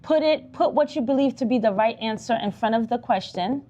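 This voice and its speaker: Nursing teacher lady walking students thru test questions, kinda high voice, keeps asking okay?. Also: fairly quick, lo-fi sound. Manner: animated, talks to students directly, frequent "okay?" checks. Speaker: nursing instructor. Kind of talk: live online exam-prep lesson.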